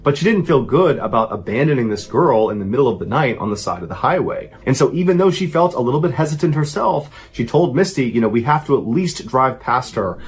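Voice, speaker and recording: A man in his thirties narrating a true horror story for a podcast. He builds tension, and his pitch climbs at the frightening moments. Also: very animated, a little fast, hardly any pauses, breathy edge.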